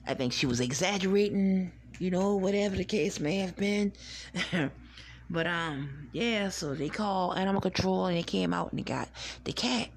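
Her pitch sits fairly low and her speed is normal, with a faint hiss or hum in the recording. She's a woman hosting a podcast, wandering casually through easygoing childhood memories while laughing and swearing along the way.

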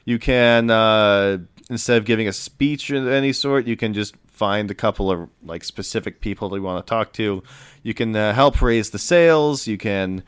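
A man narrating as game master of a tabletop game, relaxed and full of fillers. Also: on the low side, normal speed, smooth, no echo.

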